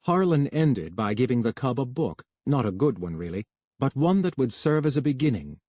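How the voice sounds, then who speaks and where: Male audiobook narrator, measured and even, dry close recording. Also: mid-range voice, no echo. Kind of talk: scripted narration.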